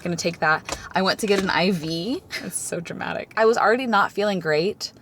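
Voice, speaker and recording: A woman's voice: mid-range voice, brisk, a little hiss or hum. A woman in her twenties with a light Southern American accent, telling stories in a casual, chatty vlog. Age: 20s. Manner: chatty, animated, lots of "like". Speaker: vlogger.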